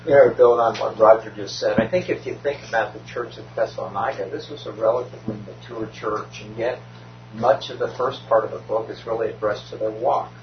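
A man's voice: on the low side, steady tone, a little fast, echoey room, muffled recording, a little hiss or hum. A man in a Bible study group, thoughtfully building on what others have said. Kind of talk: group discussion.

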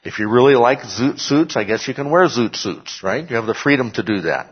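A man's voice: medium pitch, expressive, brisk, slightly rough, highs cut off. A man preaching a sermon in a conversational way, adding joking asides and often checking in with "okay?". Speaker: pastor.

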